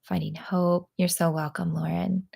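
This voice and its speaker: A woman leading a live guided tapping session, talking in a gentle, encouraging way with many pauses and fillers. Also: on the low side, level tone, vocal fry, husky. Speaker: EFT tapping practitioner.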